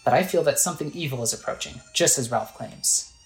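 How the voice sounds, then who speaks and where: A woman reading the lines of a polite, worried young singer in a video game in a gently raised voice. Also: rumbling low, lively intonation, fairly quick, echoey room, soft background music, low-quality recording.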